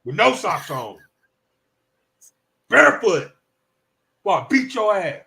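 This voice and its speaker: A man hosts a live stream in a high-pitched, gravelly voice, taking it slowly. His commentary runs heated and profane, animated throughout, with occasional mocking voices.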